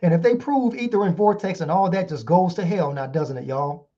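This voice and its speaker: A man's voice: high voice, fairly quick, dark tone. A man giving a heated casual lecture, reading out articles and asking rhetorical questions again and again. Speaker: online show host. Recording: dull lo-fi sound.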